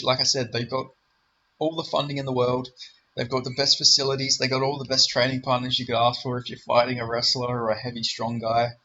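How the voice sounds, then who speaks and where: A man's voice: medium pitch, bright, forceful tone, dull audio, a little hiss or hum. A young man giving casual solo commentary, rambling and confident, full of fillers and self-corrections. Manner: confident, enthusiastic. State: voice briefly giving out. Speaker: MMA predictions YouTuber.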